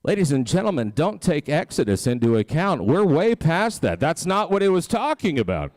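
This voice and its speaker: A man calling a live charity auction, rattling off bids in a fast rhythmic chant and joking with the crowd. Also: on the high side, big pitch swings, darkish tone, dry recording. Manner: playful crowd banter. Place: banquet hall at a gala.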